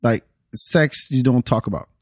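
A man's voice: medium pitch, measured pace, dry recording, clean studio sound. A man from Africa hosting a podcast, chatting casually, often stammering and restarting his sentences and laughing easily. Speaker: podcast host.

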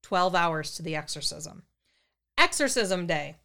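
A woman's voice: on the low side, expressive, a little slow, creaky, fairly bright tone. A woman narrating a true paranormal story in a matter-of-fact way.

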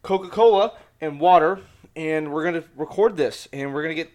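Young man, high voice, podcast host, hyped, loud, swears a lot, casual rambling chat. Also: a little fast.

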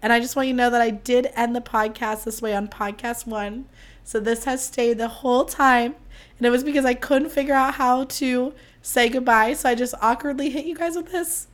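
A woman hosting her podcast solo, chatting casually and mocking herself, her voice strained and squeaky. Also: fairly even intonation, normal speed. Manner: chatty, self-mocking, swears freely. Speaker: podcast host.

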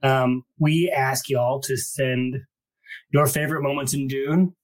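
A man co-hosting a book podcast, reading passages aloud and chatting casually, recorded in a small closet. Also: fairly even intonation. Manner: reads the epigraph slowly and low, then chats playfully. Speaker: podcast co-host.

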